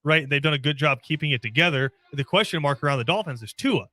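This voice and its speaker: A man's voice: a little high, sharp tone, no echo. A man co-hosting a sports talk show who talks casually, teases his partner, and keeps pulling the talk back on topic. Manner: rapid, teasing, keeps steering back on topic. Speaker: co-host.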